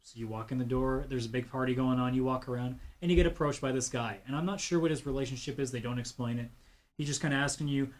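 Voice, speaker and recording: A man's voice: mid-range voice, fast talker. A man from Canada hosting a casual podcast, telling a story in a rambling way and acting out the quotes. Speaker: podcast host.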